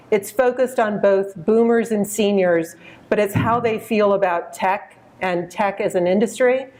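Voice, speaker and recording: A woman in her fifties giving a conference keynote, measured and storytelling, addressing the audience directly. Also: medium pitch, darkish tone. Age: 50s. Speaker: keynote speaker.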